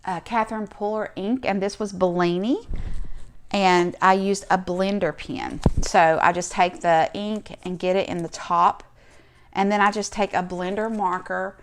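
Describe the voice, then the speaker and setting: A woman's voice: medium pitch, steady tone, unhurried, slight background noise. A middle-aged woman hosting a crafting video, chatting casually and enthusiastically as she shows off her handmade cards. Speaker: crafting channel host. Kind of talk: casual show-and-tell vlog.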